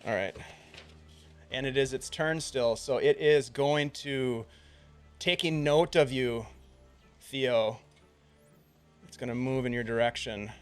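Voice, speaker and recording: A man's voice: mid-range voice, slow, long pauses, clean tone, faint music behind. Man running a tabletop game. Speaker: game master.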